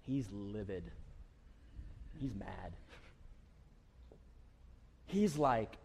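A man's voice: fairly low pitch, expressive, slow, gravelly, pauses often, a little mellow, breathy edge. Man preaching in a reverberant church hall. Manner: conversational, storytelling, laughs often. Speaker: pastor. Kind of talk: sermon.

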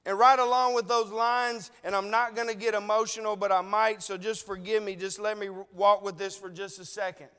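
A man's voice: sits high, flat delivery, normal speed, hardly any pauses, sharp tone, clean tone. Man, preacher, sermon, earnest, rhetorical questions, conversational, reverberant hall. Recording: long reverb of a large hall.

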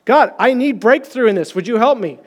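A man preaches an animated, storytelling sermon, acting out quotes in sudden higher voices. When he turns to prayer, he slows down and softens gently.

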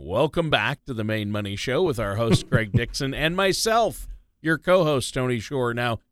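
A man's voice: medium pitch, a bit bright, no echo, studio quality. A man co-hosting a money radio show, easygoing and jokey, with filler words. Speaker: radio co-host. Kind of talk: casual radio talk.

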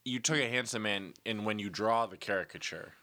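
A man's voice: fairly low pitch, fairly quick, sharp tone, dry recording. A young man co-hosting a comedy podcast in casual banter, swearing freely and laughing at his own jokes. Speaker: podcast co-host.

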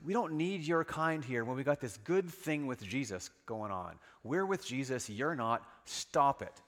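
A man's voice: mid-range voice, lively intonation, measured pace, fairly bright tone, big-room sound. A man voicing a scornful crowd member who scolds in a raised, dismissive tone. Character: scornful crowd of male followers.

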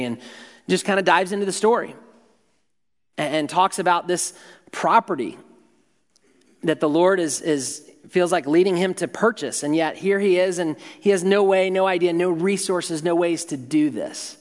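A man preaching a sermon, telling a story in an easy, conversational way and quietly acting out what the people in it say. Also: fairly high pitch, normal speed, big-room sound. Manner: conversational, acts out the story's dialogue in quiet voices. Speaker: pastor.

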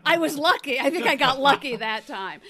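High bright lady telling a funny story, laughs a lot, voice swoops all over. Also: animated, normal speed, crowd noise. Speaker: former city council member. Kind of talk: casual political talk.

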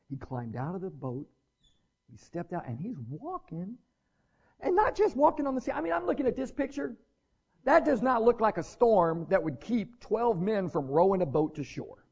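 Pastor, man, animated and conversational sermon delivery, high voice, slightly muffled recording. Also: vocal fry, slightly rough. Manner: animated preaching with conversational asides.

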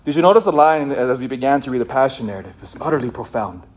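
A male priest giving a passionate homily, swinging between loud, fired-up shouting and hushed, quiet stretches. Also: medium pitch, expressive, fast. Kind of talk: sermon.

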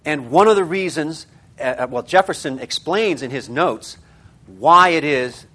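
A man's voice: fairly high pitch, measured pace, fairly bright tone. Rambling male lecturer, fillers and restarts. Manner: discursive, thinks aloud with many fillers and restarts. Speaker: seminar lecturer. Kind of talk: lecture to a class of teachers.

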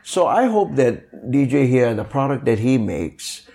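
Older Hawaiian man, pidgin-inflected English, lively storyteller, pitch jumping around. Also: unhurried, vocal fry, crowd noise. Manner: animated, acts out quoted voices, many fillers. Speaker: guest, kapa maker. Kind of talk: storytelling interview.

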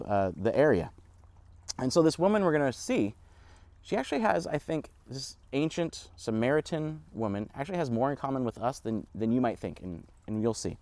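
A man giving a casual, conversational Bible teaching with animated asides. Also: medium pitch, dry recording.

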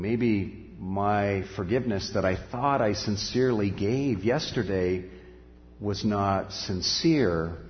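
A man preaching a sermon as a pastor, earnest, often dropping his voice low and acting out quoted voices. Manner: earnest, acts out quoted voices, drops to quiet. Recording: dull sound in a reverberant hall.

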